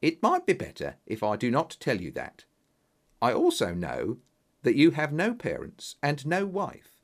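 A man's voice: medium pitch, wildly swooping pitch, measured pace, gravelly, full character voice. Guy reading a sneaky thin colonel, light german accent, pushy questions, voice swooping up and down. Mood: guarded. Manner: insistent, probing questions. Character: thin intense male colonel, secretive.

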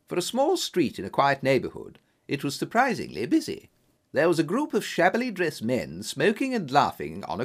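Man, audiobook narration, steady storytelling, very animated pitch, mid voice.

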